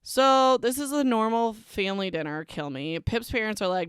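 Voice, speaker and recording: A young woman chats through a book recap with an eye-rolling, sarcastic edge, tossing in "like" and "whatever" at every turn. Her voice is smooth and clean, sitting at an ordinary middle pitch, and it is recorded dry and close with no room sound. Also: lively intonation, normal speed, few pauses, no echo. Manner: sarcastic, dismissive, heavy use of "like" and "whatever". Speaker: podcast host.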